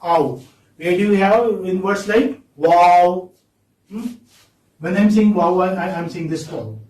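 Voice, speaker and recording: In a phonetics class, a male English teacher with a high-pitched, darkish voice prompts students by asking the same questions again and again. His delivery is slow and stretched out, and the distant recording echoes around the classroom.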